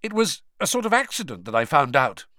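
A man's voice: a little high, sing-song, fairly quick, pushed and bright, dry recording, studio quality, pitched above the performer's own voice. A man reading an audiobook, voicing a frustrated teenage boy wizard in a raised, strained voice. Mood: urgent.

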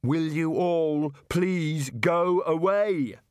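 A man's voice: mid-range voice, moderate pace, no echo, pitched above the performer's own voice, close to an everyday voice. A nervous, bitter wizard speaks in a tight, raised voice, as a male narrator puts him on. He sounds sardonic and gloomy. The recording is dry and close, as in an audiobook. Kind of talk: audiobook character voice.

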